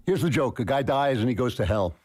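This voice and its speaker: A man giving a university speech, joking in a dry, measured way. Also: mid-range voice, expressive, darkish tone, slight background noise. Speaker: speaker.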